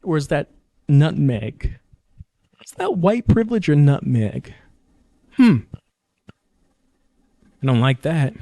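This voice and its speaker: A man mimicking a squeamish, fussy cake taster in a shrill, mock-fretful voice. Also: very animated, slow, pauses often, mellow, dry recording, exaggerated voice. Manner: shrill, mock-fretful sniffing over each bite.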